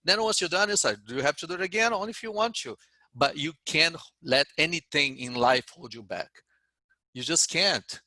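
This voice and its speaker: A middle-aged head day trader with foreign-accented English gives his trading group a blunt, rambling pep talk, often restarting sentences. His fairly high voice is animated and sharp, moving at a moderate pace in a dry recording.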